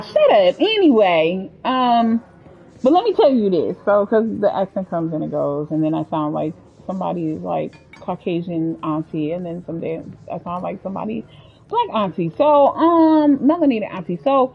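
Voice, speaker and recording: A woman's voice: mid-range voice, normal speed, slightly rough, muffled recording. Chatty woman commenting on gameplay. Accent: African American English. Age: adult. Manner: chatty, expressive, talks to viewers. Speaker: gaming streamer.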